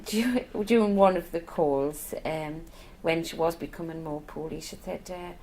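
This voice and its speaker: A woman's voice: low-pitched, a little slow, slight background noise, rough recording. A middle-aged woman, a palliative care nurse talking candidly about her work in a documentary interview. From Northeast England. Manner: warm, candid, emotional at times. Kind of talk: documentary interview, personal storytelling.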